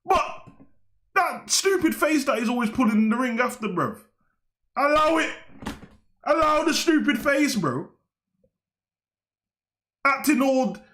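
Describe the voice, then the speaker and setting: A man's voice: very high-pitched, very animated, a little slow, pauses often, a bit bright. A young man, hosting a wrestling talk show in a slangy, heated, rambling rant. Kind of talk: ranting casual commentary.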